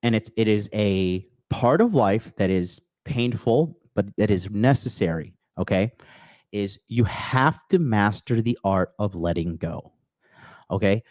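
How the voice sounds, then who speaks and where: A man's voice: on the low side, animated, unhurried, a little mellow, no room sound, studio quality. A man hosting a podcast who rants bluntly and crudely, swearing often and hammering points with repeated phrases and a constant "okay?". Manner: emphatic bursts, repeating key phrases. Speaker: podcast host. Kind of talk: profane motivational rant with chat replies.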